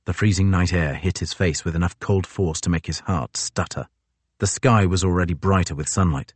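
A man reading a novel aloud as an audiobook narrator, in a measured, even storytelling delivery. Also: sits low, no echo.

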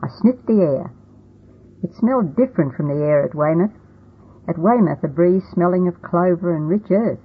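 A woman narrates a first-person storybook in a plain, steady reading manner. Her voice is low and husky. The audio is narrow and tinny, as if heard over a phone. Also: moderate pace.

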